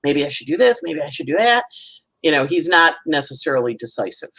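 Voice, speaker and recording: A woman's voice: low voice, big pitch swings, a little fast, fairly bright tone, poor audio. A woman astrologer, a guest, chatting casually through a weekly forecast and acting out little voices and sounds as she goes.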